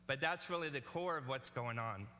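Bright-voiced man preaching in a hall. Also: mid-range voice, normal speed. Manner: earnest, conversational preaching with frequent "okay?". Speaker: pastor. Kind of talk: sermon.

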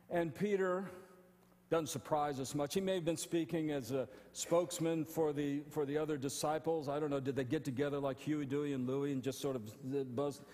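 A male pastor preaching an animated sermon, often restarting phrases. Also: a little high, in a large hall. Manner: animated, stumbling restarts, acting out quotes. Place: church sanctuary.

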